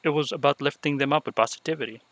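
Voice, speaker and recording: A man reading aloud the lines of a remorseful young female unicorn showmare from a game, in a soft, subdued voice. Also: a little high, very fast, no echo, natural voice, low-quality recording.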